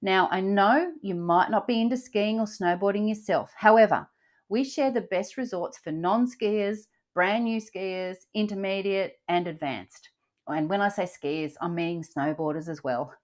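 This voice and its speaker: A woman's voice: mid-range voice, a little slow. An older woman hosting a travel podcast, chatting in an upbeat way with frequent fillers and restarts. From Australia. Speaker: podcast host. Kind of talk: casual travel podcast chat.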